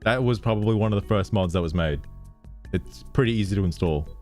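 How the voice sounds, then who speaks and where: A man's voice: fairly low pitch, a little fast, darkish tone, faint music behind. A man streaming, reacting to a video with sarcastic, profane commentary and frequent laughter. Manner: sarcastic, swears often, laughs a lot.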